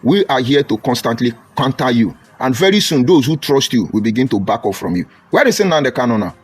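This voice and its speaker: A man's voice: medium pitch, big pitch swings, a little fast, breathy edge. A man with a Nigerian accent giving a combative, mocking political monologue on a live stream and greeting viewers by name. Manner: combative, mocking, rising to loud outbursts.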